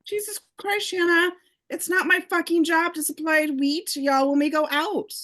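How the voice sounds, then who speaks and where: A woman voicing a sharp-tongued, cool female radio DJ in her late twenties in an amateur audio drama. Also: high-pitched, lively intonation, moderate pace. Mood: irritated.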